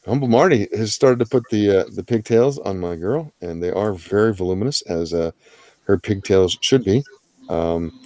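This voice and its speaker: Man, deep voice, dry close sound, casual stream host, rambling, jokey. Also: darkish tone, no echo. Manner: rambling, filler-heavy, jokey asides. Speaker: livestream host of a drawing challenge. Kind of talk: casual livestream commentary.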